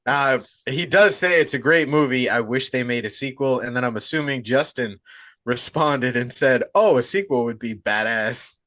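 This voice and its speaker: A man's voice: mid-range voice, normal speed, sharp tone, no room sound. A man hosting a horror movie podcast in loose, casual chat, swearing freely and joking around. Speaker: podcast host.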